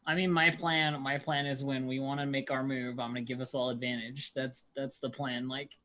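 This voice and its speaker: A man speaking as a player at a tabletop game, laying out a plan in quick, excited talk. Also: medium pitch. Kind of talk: casual chat at a game table.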